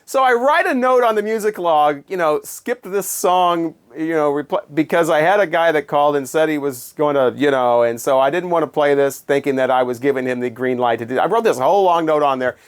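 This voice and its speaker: A middle-aged man, a former radio DJ, telling rambling stories in a casual monologue full of fillers and restarts. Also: a little high. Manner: rambling, many fillers and restarts, quick laughs. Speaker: former radio DJ and video host.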